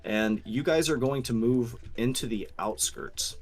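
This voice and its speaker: A man's voice: mid-range voice, a little slow. A young man narrating as game master in a tabletop game, casual, swearing, with many fillers and restarts, faint music behind.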